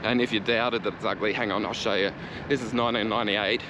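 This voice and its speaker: A lowish-voiced Australian man talks as he rides through the city, loose, chatty and quick to swear. His rants come out sarcastic, and street and traffic noise runs clearly underneath. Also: steady tone. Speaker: cycling vlogger. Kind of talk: casual ranting commentary while riding. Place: outdoors on a city street, riding a bike.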